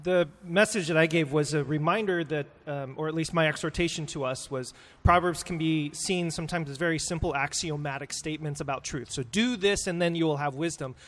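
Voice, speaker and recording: A man's voice: on the high side, fairly quick, long reverb tail. A man recapping a sermon in conversation, earnest and thinking aloud with fillers.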